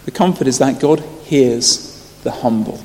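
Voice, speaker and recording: A man preaching a sermon, telling stories earnestly and rising to loud emphasis. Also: mid-range voice, unhurried. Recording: long hall reverb.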